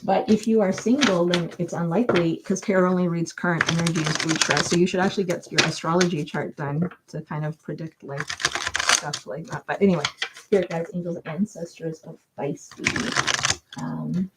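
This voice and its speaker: A woman's voice: lowish voice, fairly even intonation, moderate pace, heavy background noise. A woman doing a chatty live-stream tarot reading, thinking aloud with lots of fillers and giggling now and then. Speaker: tarot reader. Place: home.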